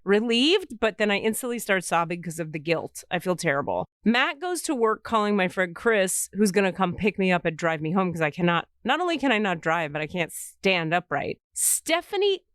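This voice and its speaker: A middle-aged woman hosts a podcast and tells a story with lots of life, jumping into the voices of the people in it. Her voice is mid-pitched and the sound is close and dry, with no room around it. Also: normal speed, hardly any pauses, no echo. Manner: animated storyteller, acts out quoted voices. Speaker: podcast host. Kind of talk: casual storytelling chat.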